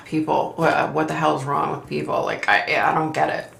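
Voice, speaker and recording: Woman, middle-aged, livestream host, sympathetic, sighing, bright edge. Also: sits low, fairly even intonation, unhurried, gravelly, echoey room, a little hiss or hum. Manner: sympathetic, sighing, reads viewer comments aloud. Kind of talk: casual live chat reading comments.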